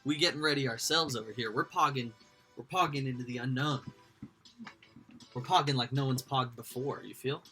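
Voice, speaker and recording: A man's voice: medium pitch, moderate pace, bright, forceful tone, soft background music. A man hosting a livestream, rambling casually to his chat, swearing freely. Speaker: livestream host. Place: indoors at home.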